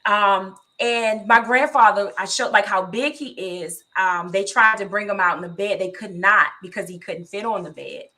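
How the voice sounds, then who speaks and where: Woman co-host, bright voice, earnest faith-talk storyteller. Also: mid-range voice, moderate pace, hardly any pauses. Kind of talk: faith-based casual talk.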